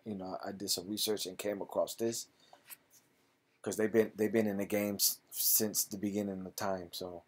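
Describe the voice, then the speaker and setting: Low-voiced man talking through stocks. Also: flat delivery, moderate pace. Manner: reads figures aloud in clipped phrases, then chats loosely. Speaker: investing channel host. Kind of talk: casual stock-analysis commentary.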